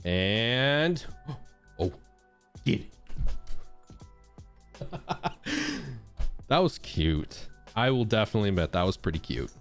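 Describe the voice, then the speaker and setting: A young man chatting casually as he streams a game, thanking subscribers and reacting out loud. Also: on the low side, slow, long pauses. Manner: animated, chatty, shouts out subscribers. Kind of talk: casual gameplay commentary. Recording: game music playing behind.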